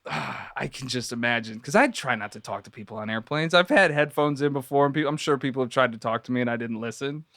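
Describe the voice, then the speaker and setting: A man's voice: medium pitch, fast talker, few pauses, fairly bright tone, no room sound, clean studio sound. A man co-hosting a casual podcast chat, musing at length about conspiracy stories with loose, rambling phrasing. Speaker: podcast co-host.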